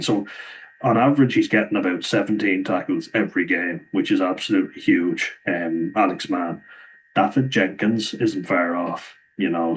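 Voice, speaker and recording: A young Irish man talks through his rugby picks in a low, level voice that rarely rises or falls. He is chatty and opinionated, laughing as he goes, and his voice sounds a bit hoarse. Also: slight background noise, rough recording. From Ireland. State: slightly hoarse, losing voice. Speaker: rugby pundit vlogger. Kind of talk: casual rugby commentary.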